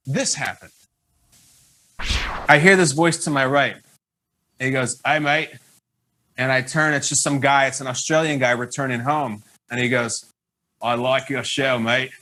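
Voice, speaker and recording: A man hosting from a quarantine hotel room, telling a story in an excitable, playful way. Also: a little high. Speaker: show host. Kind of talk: animated storytelling.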